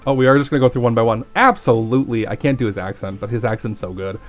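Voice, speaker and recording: Guy streamer reading a visual novel out loud, chatty, mid pitch, faint music. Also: quick pace, few pauses. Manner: casual, chatty asides between narration.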